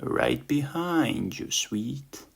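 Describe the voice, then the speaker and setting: A man putting on a slow, seductive female ladybug. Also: medium pitch, big pitch swings, creaky, a bit bright, pitched above the performer's own voice, full character voice. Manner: slow, seductive, drawn-out lines. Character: flirty teasing female ladybug fighter.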